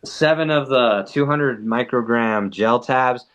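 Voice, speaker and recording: On a muffled recording, a man with a medium-pitched voice speaks slowly as a podcast guest recounting a wild story. His delivery is animated and profane, packed with "like" in nearly every line.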